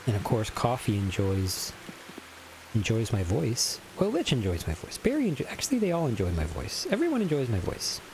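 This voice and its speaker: A man's voice: mid-range voice, wildly swooping pitch, normal speed, background noise. A man from Texas chatting casually with viewers during a game stream, speaking in a put-on somber, theatrical voice into a filtered desk microphone.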